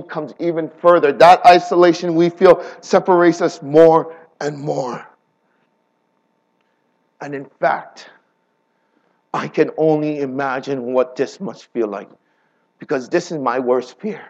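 Guy preaching a sermon, pretty high voice, goes quiet then gets loud and fired up, keeps asking the crowd questions. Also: rough recording. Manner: swings from hushed to loud and impassioned; asks the audience rhetorical questions.

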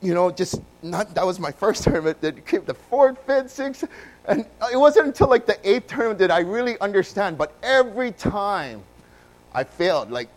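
Animated man telling a story. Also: normal speed, low-quality recording. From Hawaii. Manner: animated, swings from loud bursts to hushed low passages.

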